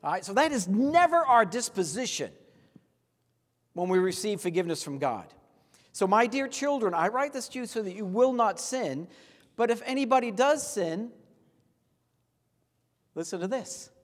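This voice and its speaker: A man with a high voice preaches a sermon in a church sanctuary. He speaks earnestly and leads the congregation in call-and-response. His voice rings with long hall reverb. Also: very animated, normal speed, pauses often. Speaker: pastor.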